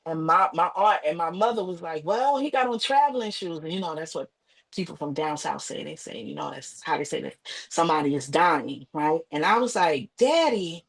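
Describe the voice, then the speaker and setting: A woman's voice: sits low, a little fast, creaky, breathy edge. Woman telling an emotional family story. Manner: animated retelling with acted quotes and repetition. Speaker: podcast guest.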